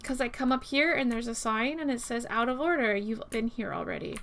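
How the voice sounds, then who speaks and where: A woman streamer giving low-key, deadpan commentary while playing a game, talking at a desk mic. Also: fairly quick, vocal fry. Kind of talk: casual gameplay commentary.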